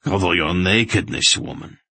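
A man's voice: low-pitched, fairly even intonation, normal speed, pushed and bright, breathy edge, no room sound, exaggerated voice. A man reading an audiobook and voicing a rigid, puritanical male zealot who speaks harshly and accusingly. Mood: outraged.

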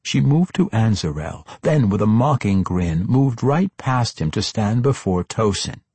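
Slow, husky male fantasy narrator. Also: lowish voice, lively intonation, dark tone, no echo. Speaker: audiobook narrator.

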